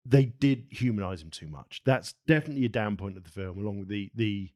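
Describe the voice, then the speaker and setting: A man's voice: on the low side, a little fast, darkish tone, dry recording, studio quality. A man co-hosting a podcast, arguing film points emphatically with swearing and restarts. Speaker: podcast co-host. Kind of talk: casual film discussion.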